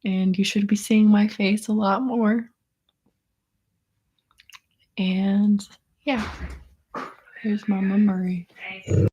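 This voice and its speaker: A young woman hosting a casual live chat, worn out after a seizure, speaking softly in half-whispers and laughing often. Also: medium pitch, level tone, takes it slowly, long pauses, breathy edge.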